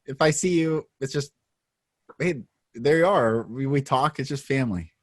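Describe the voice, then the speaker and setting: A man's voice: medium pitch, normal speed, dry recording, studio quality. A man from Washington State hosting a podcast, upbeat in casual conversation, laughing often and acting out quotes. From Washington State, USA. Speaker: podcast host.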